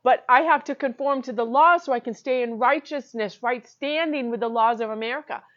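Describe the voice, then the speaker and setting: High-pitched woman, earnest preaching, laughs a lot, slightly dull lo-fi audio. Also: brisk. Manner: earnest and emphatic, with frequent laughs. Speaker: Christian teacher. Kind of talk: informal sermon to camera.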